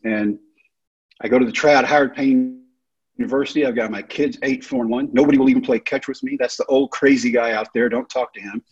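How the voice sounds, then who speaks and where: A man's voice: mid-range voice, fairly even intonation, a little fast, slightly rough, dull audio. A man, telling his life story and acting out the other people's lines. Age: 30s. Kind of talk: storytelling talk.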